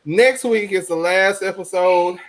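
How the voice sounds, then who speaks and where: A man hosting a casual group chat on an online call, loud and joking, swearing freely. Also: high-pitched, a little slow. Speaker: podcast host.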